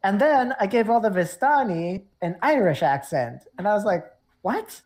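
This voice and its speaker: A woman's voice: mid-range voice, lively intonation, moderate pace, a little mellow. Rambling woman game master. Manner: rambling, laughing, many fillers. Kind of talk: casual tabletop narration.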